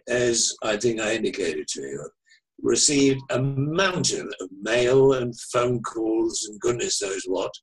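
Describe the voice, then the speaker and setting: A man's voice: medium pitch, rough recording. An older man, an author, telling a story with wry humour in an online interview over a video call. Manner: anecdotal, wry, lively storyteller.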